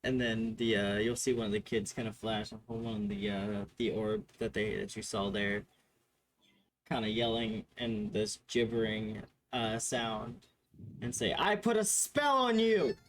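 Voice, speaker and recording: A man narrating a tabletop game as game master, halting with many fillers. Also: lowish voice, little pitch movement, a little hiss or hum, poor audio.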